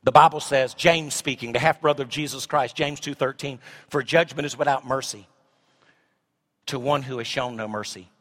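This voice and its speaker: Middle-aged man, pastor mid-sermon, bright ringing tone, big dynamic swings. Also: medium pitch, fairly even intonation, moderate pace. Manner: swings from shouting to hushed asides.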